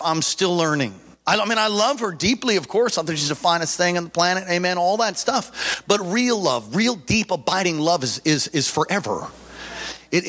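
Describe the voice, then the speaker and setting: A male pastor in his forties preaching a sermon, telling a story with lively acted-out moments and calling out to his congregation. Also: fairly high pitch. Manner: animated storytelling, acting out scenes, preaching to a congregation.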